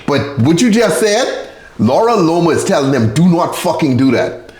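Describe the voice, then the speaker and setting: A man hosting a podcast, talking in a loose, profane, animated way with frequent restarts. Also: fairly high pitch, normal speed, reverberant. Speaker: podcast host. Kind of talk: casual chat.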